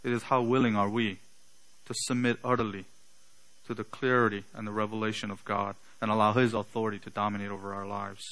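A man preaching a sermon, building to loud emphatic peaks and trailing off quietly at the ends of phrases. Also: lowish voice, level tone, a little fast, low-quality recording.

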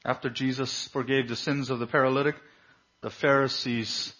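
A man preaching a sermon, reading scripture and swinging between hushed and loud, fervent delivery. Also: mid-range voice, steady tone, moderate pace. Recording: dull lo-fi recording.

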